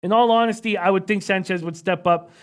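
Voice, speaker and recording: A man with a fairly high voice hosts a live betting stream, running through odds, averages and line moves. He talks quietly and close to the mic, and he keeps the numbers coming fast. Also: fairly even intonation. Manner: rapid stat-heavy rundown, reads out chat comments. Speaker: sports betting analyst.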